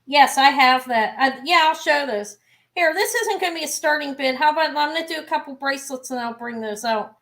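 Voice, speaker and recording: A middle-aged woman with a somewhat high voice talks loosely and warmly as she runs a live jewelry sale. She rambles from piece to piece with fillers and little asides. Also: brisk. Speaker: live jewelry auction seller. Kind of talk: casual live-stream selling chat.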